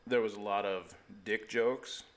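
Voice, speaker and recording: A man's voice: on the low side, fairly even intonation, measured pace, fairly bright tone. A man co-hosting a casual comedy movie podcast, talking enthusiastically and often repeating words as he searches for them. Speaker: podcast co-host.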